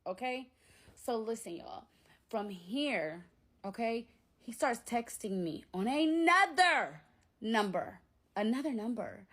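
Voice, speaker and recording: Husky, gravelly-voiced young woman telling a story. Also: mid-range voice, normal speed. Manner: animated, slangy, acts out quoted lines. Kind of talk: storytime vlog. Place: at home, bedroom.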